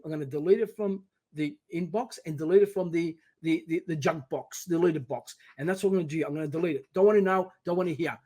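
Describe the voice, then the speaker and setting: Middle-aged guy on a podcast telling his story, fairly high voice, punchy and animated. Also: fast talker, few pauses. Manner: emphatic, animated storyteller, often quoting himself. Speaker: podcast guest. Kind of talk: personal storytelling in conversation.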